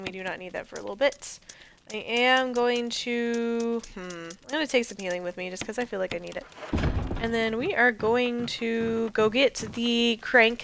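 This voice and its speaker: Young woman playing a horror game, jokey and chatty, voice a little high, slight hiss. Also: fairly bright tone. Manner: chatty, joking, exclaims and laughs often. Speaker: gameplay streamer. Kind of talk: casual let's play commentary.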